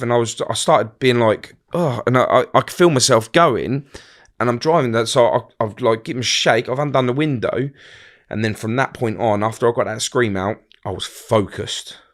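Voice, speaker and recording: A middle-aged man tells a hard personal story in a blunt, halting way. He restarts his sentences often and acts out what others said. His voice sits at a middling pitch. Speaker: guest.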